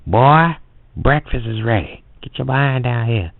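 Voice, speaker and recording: A man voicing a gruff, bossy Southern uncle who scolds his young nephew, in a put-on Southern US accent. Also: medium pitch, animated, unhurried, dry recording, pitched above the performer's own voice. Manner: scolding, bossy, calls the kid "boy". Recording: phone-like lo-fi audio.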